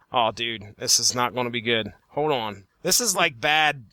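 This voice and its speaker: Lively, bright-voiced man reading aloud. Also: mid-range voice, moderate pace, hardly any pauses, no echo. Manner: animated, laughs often while reading. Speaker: podcast co-host. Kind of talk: casual podcast chat, reading listings aloud.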